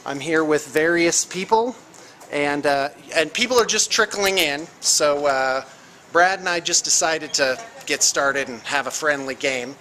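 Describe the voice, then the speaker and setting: Casual male host narrating a tabletop game on a handheld camera; a bit high-pitched, with store noise behind. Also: a little slow, pushed and bright, poor audio. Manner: chatty, rambling, self-deprecating. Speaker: host filming a tabletop battle report. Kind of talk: casual running commentary. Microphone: handheld video camera. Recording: camera mic with clear background noise.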